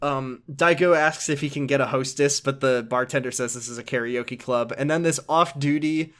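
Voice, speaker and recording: A man hosting a podcast, casually recapping a video game in an animated, rambling way, swearing and laughing as he goes. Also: mid-range voice, normal speed. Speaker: podcast host.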